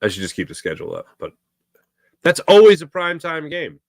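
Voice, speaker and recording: A man's voice: on the high side, wildly swooping pitch, brisk, vocal fry, dry recording, studio quality. A young man hosting a live sports talk stream, rambling and reading viewers' comments aloud. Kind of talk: casual live-stream chat.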